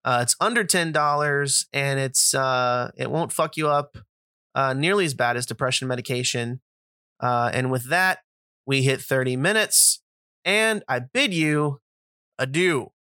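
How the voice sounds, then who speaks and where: A man's voice: medium pitch, a little slow, sharp tone, smooth, dry recording, studio quality. A man hosting a podcast, telling a casual, profane story full of fillers and asides to his listeners. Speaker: podcast host.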